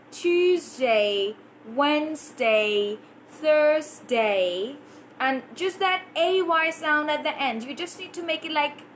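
A woman leads a pronunciation lesson as an English teacher, drilling words over and over. She talks in a high voice at an unhurried pace. Faint noise sits behind her. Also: a bit bright. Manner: slow, drilling words with repetition.

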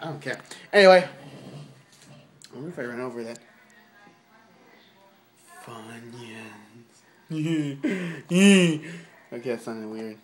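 A vlogger talking casually and offhandedly while filming their bedroom, rambling and goofy, on a handheld camera. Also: medium pitch. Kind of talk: casual rambling home video.

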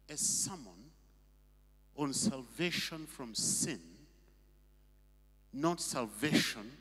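A man preaches with a high, brightly ringing voice that swings widely in pitch, pressing his points with rhetorical questions. His sermon carries a long reverb from a church hall. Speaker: pastor.

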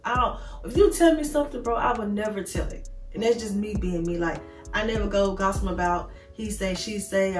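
A woman's voice: medium pitch, roomy sound, far from the mic. A woman vlogger telling an emotional storytime, candid and rambling, speaking straight to her viewers. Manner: talks straight to viewers as "y'all".

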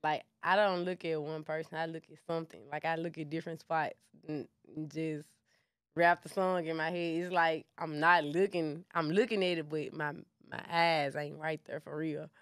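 A woman's voice: sits low, fairly even intonation, moderate pace, clear, resonant tone, no echo, clean studio sound. A woman, a rapper chatting as an interview guest in a laid-back, slangy way. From Memphis, USA. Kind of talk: casual interview chat.

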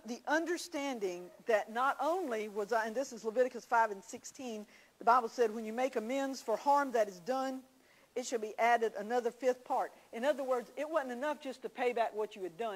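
A woman's voice: on the high side, a little fast, low-quality recording. A woman teaching a church class, telling homey stories with confiding asides. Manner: folksy storytelling, confiding asides.

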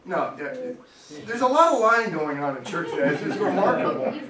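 Preaching in a church sanctuary, this middle-aged pastor uses a high, bright, forceful voice with big pitch swings at a normal speed. He tells stories chattily and laughs often, recorded from afar in an echoey hall with faint noise.

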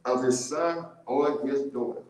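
A man leading a church Bible study, animated, repeating key words and laughing often as he teaches. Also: medium pitch, measured pace. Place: church room. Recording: very echoey church room.

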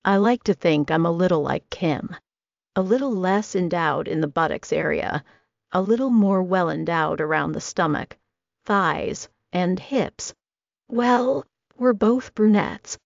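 Low gravelly woman narrating. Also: no room sound. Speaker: audiobook narrator. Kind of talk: first-person audiobook narration. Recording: dry, dull lo-fi recording.

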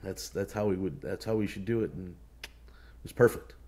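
A man, a horse racing announcer, telling stories in a relaxed interview, with many restarts and fillers. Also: sits low, a little fast. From United States. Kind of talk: casual interview talk.

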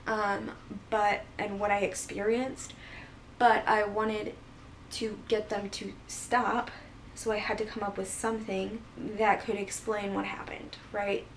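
A woman's voice: mid-range voice, little pitch movement, slow. A woman vlogger casually retelling a personal story, rambling with lots of fillers. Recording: voice a bit far from mic, faint background hiss.

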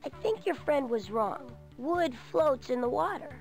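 A woman's voice: high-pitched, animated, a little slow, a little mellow. A woman voicing a cheerful, earnest young boy hero in a kids' adventure game. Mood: chipper. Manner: chipper, earnest. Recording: game audio with music.

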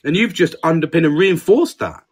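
A man's voice: on the high side, animated, a little fast, slightly rough. A man co-hosting a podcast, talking candidly and swearing in casual banter. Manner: sweary, candid, self-deprecating. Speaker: podcast co-host.

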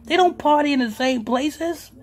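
A man's voice: very high-pitched, moderate pace. A man hosting a talk radio show as pastor, ranting emphatically with profanity.

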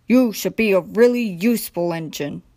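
A woman's voice: mid-range voice, moderate pace, darkish tone, close to an everyday voice. A young woman voicing the firm, stern man in charge of the railway in a storybook reading. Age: young adult. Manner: firm, scolding then approving. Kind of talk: storybook character voice.

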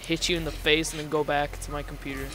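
A man's voice: fairly high pitch, flat delivery, fast talker, crowd noise. A man from Indiana doing casual, joking gameplay commentary over voice chat. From Indiana, United States. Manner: joking, teasing, goofy. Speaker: gamer host.

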